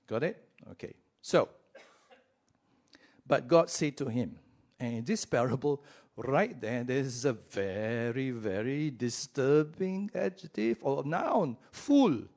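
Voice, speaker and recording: Slow-talking man preaching conversationally. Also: medium pitch, animated, darkish tone. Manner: conversational, checks in with listeners. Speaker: pastor. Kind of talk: sermon. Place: church.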